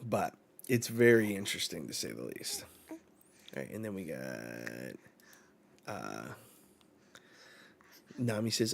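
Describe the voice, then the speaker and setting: A man hosting a live manga reaction, thinking out loud with lots of fillers and reading lines aloud. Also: sits low, sing-song, takes it slowly, creaky, long pauses. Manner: reads lines aloud in a slightly raised voice. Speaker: manga reaction channel host.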